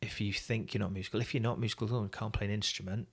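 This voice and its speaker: Rambling British man, low voice. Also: steady tone, rapid-fire, vocal fry, slightly rough. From Britain. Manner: rambling, self-deprecating, lots of ums. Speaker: worship singer-songwriter guest. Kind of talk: casual podcast interview.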